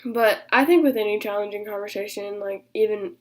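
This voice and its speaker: A woman's voice: medium pitch, brisk. A young woman, an athletic training student, talking through a reflection in a casual, earnest, thoughtful way, with loose starts and many fillers.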